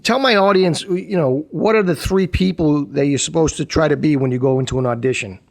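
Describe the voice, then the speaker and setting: A man hosting an interview show, asking questions in a halting way with many restarts and laughing along with his guest. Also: a little high, creaky. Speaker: podcast host. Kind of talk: interview questions, casual chat.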